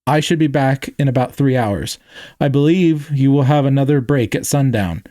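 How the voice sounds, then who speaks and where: A man's voice: mid-range voice, moderate pace, mellow, dry recording, clean studio sound, lightly acted. A man voicing a polite female alien team leader who speaks stiffly and formally. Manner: stiff formal speech without contractions.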